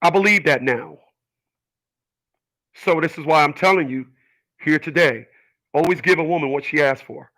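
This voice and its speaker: A man's voice: a little high, moderate pace, pauses often, sharp tone, low-quality recording. A middle-aged man hosting his channel, speaking earnestly and emphatically in a personal monologue to his viewers. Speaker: channel host.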